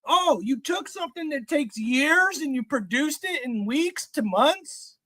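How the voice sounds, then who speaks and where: A man hosting a live stream, ranting in a heated, profane way and often shouting. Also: very high voice, animated, normal speed, no echo. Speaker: livestream host. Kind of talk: profane live reaction rant.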